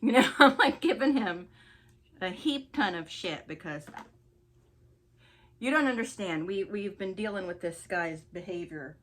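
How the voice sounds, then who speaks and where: Woman vlogger, mid-pitch, casual indignant storyteller. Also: lively intonation, measured pace, long pauses, fairly bright tone, slight background noise. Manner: chatty, indignant storytelling with laughs. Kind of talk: get-ready-with-me story time.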